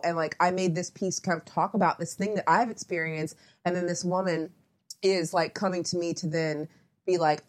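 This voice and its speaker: A woman's voice: sits low, quick pace. A young adult woman, a photographer as interview guest, chatting casually and meandering with lots of asides.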